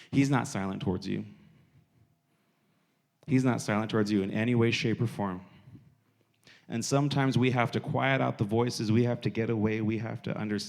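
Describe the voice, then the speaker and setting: A man's voice: on the low side, vocal fry, a little mellow. A man giving a casual sermon to young people, talking conversationally and repeating phrases for emphasis. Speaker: youth preacher.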